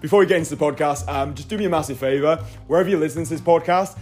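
Male podcast host, casual and sweary, mid-pitched, with faint music behind. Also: very fast, a little mellow. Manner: swears freely, rambling and laddish. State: slightly out of breath. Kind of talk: casual monologue and chat.

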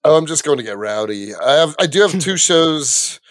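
A man guesting on a casual podcast, loud and boisterous in his talk. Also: a little high, animated, normal speed, no echo, studio quality. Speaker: guest, comedian. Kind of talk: casual chat.

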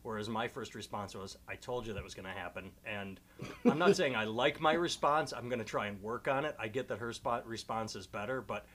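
A man's voice: mid-range voice, brisk, fairly bright tone. A man hosting a casual podcast, a comedian talking in a rambling, self-deprecating way with fillers.

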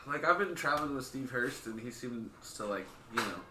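A man's voice: medium pitch, lively intonation, normal speed, reverberant, far from the mic, background noise. A male stand-up comic guest telling rambling stories in casual chat, swearing freely. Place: small studio.

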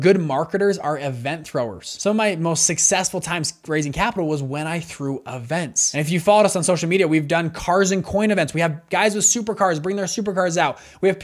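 A young man running an investment fund, giving an upbeat, conversational lesson on raising money and acting out the dialogue he quotes. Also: a little high. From Salt Lake City, Utah. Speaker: investor and fund manager teaching fundraising. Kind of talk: energetic instructional talk to camera.

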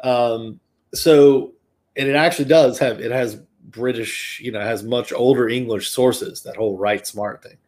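A man's voice: medium pitch, steady tone, measured pace, a little mellow. A man with a Southern American accent hosting a podcast, talking casually with many fillers and digressions. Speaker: podcast host. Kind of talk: casual chat.

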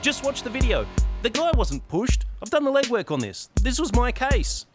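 A man doing a whiny, high-pitched vain young constable. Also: animated, a little fast. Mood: whining. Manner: peevish, whining, indignant. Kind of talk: audiobook character voice. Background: guitar music.

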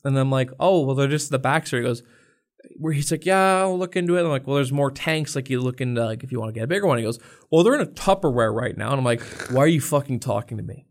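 A man's voice: mid-range voice, expressive, quick pace. Swearing, exasperated young man. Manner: profane, exasperated storytelling, acts out customers. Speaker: podcast co-host. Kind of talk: casual podcast chat.

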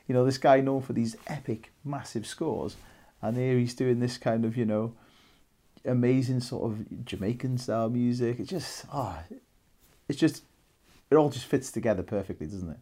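Chatty Welsh man with a dark voice. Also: mid-range voice, expressive, moderate pace. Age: 30s. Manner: chatty, rambling, laughs often. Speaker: podcast co-host. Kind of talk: casual film chat.

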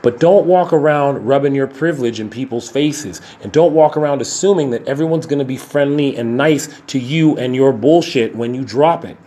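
A man hosting his own podcast, giving an emphatic, impassioned solo monologue with profanity, slowing down to stress points and then speeding up in bursts. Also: mid-range voice, dark tone. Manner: shifts between slow deliberate stresses and rapid bursts. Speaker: podcast host.

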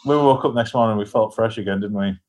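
A man's voice: lowish voice, fast, darkish tone. A middle-aged man casually telling a rambling travel anecdote, with frequent restarts and laughter. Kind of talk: casual storytelling chat.

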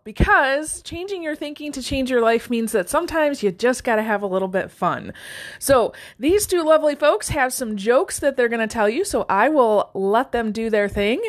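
A middle-aged woman hosting a casual video, cheerful and encouraging, laughing often between lines. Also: on the high side. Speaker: host. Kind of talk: casual upbeat video intro.

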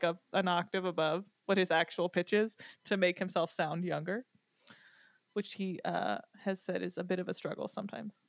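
A woman co-hosting a podcast, sharing facts with drawn-out fillers and teasing her co-hosts with frequent giggles. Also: on the low side, dry recording. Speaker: podcast co-host. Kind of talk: casual podcast storytelling.

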